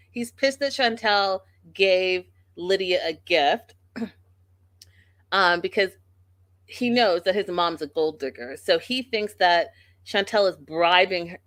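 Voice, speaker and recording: A woman hosts a reality TV recap show, talking casually and animatedly while acting out what the cast said. Her voice is medium in pitch, with no echo.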